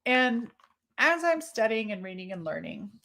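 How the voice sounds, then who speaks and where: A woman from Texas, telling a personal story in a casual monologue, animated and swearing freely. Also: medium pitch, normal speed. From Texas, USA. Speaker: podcast host.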